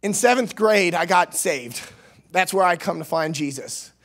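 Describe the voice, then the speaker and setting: A man from Missouri preaching a sermon as youth minister, earnest, restarting words, swinging between loud and soft. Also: high voice, lively intonation, measured pace. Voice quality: nasal at times. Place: church.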